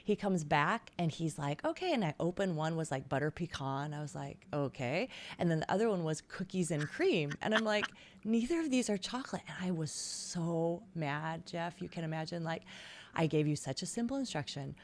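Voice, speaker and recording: A middle-aged woman, a guest author, chatting in an interview and acting out lively stories with quoted voices. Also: sits low, moderate pace, slight background noise. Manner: animated storyteller acting out quotes. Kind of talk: casual interview chat.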